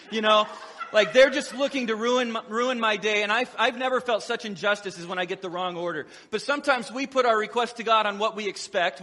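Bright, high-voiced pastor preaching in a hall. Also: male voice. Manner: conversational preaching with humor and acted quotes. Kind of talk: sermon.

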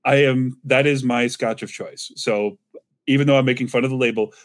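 A man's voice: mid-range voice, fairly even intonation, brisk. A man co-hosting a podcast, bantering in a friendly, enthusiastic way. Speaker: podcast co-host. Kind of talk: casual podcast chat.

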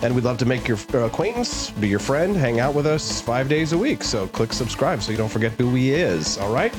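A man's voice: mid-range voice, big pitch swings, fairly quick, music in the background. A man hosting a morning talk show, chatting and joking with many fillers. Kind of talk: casual morning show banter.

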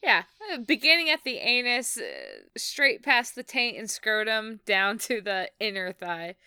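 Podcast co-host, woman, slow, crisp bright voice, chatty with frequent laughs. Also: on the high side, no echo, studio quality. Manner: chatty, laughs often, many restarts. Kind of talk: casual chat.

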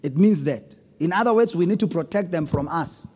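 A man preaching a sermon on relationships, swinging between loud emphasis and low asides. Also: lively intonation, fairly quick, slightly rough, long reverb tail. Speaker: pastor.

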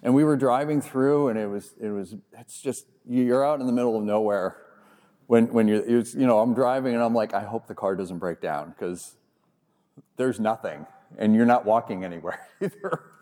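A man's voice: mid-range voice, moderate pace, warm tone. A man serving as a church pastor, reading scripture and giving a sermon in an earnest, conversational way. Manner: earnest, conversational with restarts when preaching.

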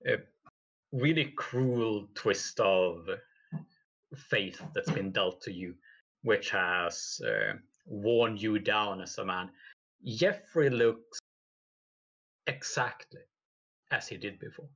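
A man narrating a tabletop game as game master, slow and halting with many fillers. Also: fairly low pitch, a bit bright, husky, poor audio.

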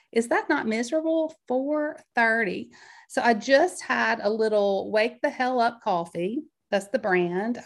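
A woman, in her forties, hosting a podcast in a bubbly, rambling chat style, a little out of breath. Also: fairly high pitch. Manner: bubbly, rambling, animated storytelling. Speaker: podcast host. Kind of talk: chatty solo podcast talk.

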